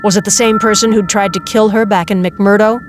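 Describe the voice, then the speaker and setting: A woman's voice: mid-range voice, steady tone, a little fast, over music. Woman narrating an audiobook steadily. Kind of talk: scripted narration.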